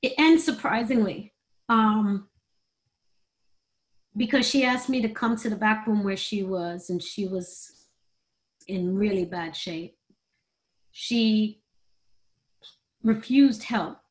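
A woman's voice: mid-range voice, takes it slowly, long pauses. A middle-aged woman guest in an interview, telling personal stories in an earnest, emotional way and laughing easily. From United States. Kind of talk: candid interview storytelling.

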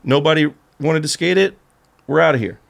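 A man's voice: fairly high pitch, moderate pace, gravelly. A man guest on a podcast, telling a rambling story in casual chat and acting out what others said. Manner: rambling storyteller who acts out the other voices.

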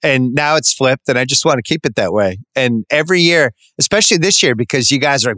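Guy riffing on sports rivalries, bright forceful voice, dry close sound, keeps cutting himself off. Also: mid-range voice, fast talker, hardly any pauses, no room sound. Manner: animated, ranting, self-interrupting. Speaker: sports podcast host. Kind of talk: casual sports banter.

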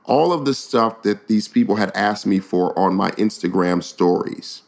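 A man who is a stand-up comedian, telling an animated comic story as a guest, acting out what people said and laughing often. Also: on the low side, normal speed, creaky. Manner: lively storyteller, acts out quotes, laughs often.

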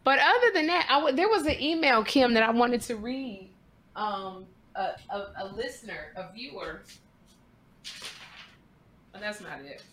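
Bright, chatty woman co-host. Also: a little high, a little hiss or hum. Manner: animated, chatty, quick to laugh. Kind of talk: casual chat.

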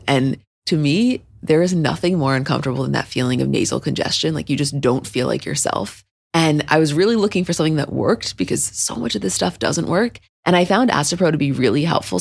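A woman's voice: deep voice, vocal fry, dry recording, clean studio sound. A woman hosting a podcast, reading a sponsor ad in a chatty, personal way that turns scripted. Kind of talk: sponsor read.

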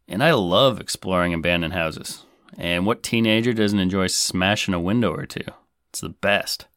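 Deep, smooth-voiced male podcast host. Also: normal speed, a bit bright, no room sound, clean studio sound. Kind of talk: casual podcast commentary.

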